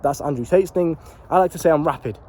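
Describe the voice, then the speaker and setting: Young guy, quick slangy delivery, fairly high voice; casual motivational vlog. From Britain. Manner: animated and swearing, slangy and repetitive. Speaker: vlogger and life coach.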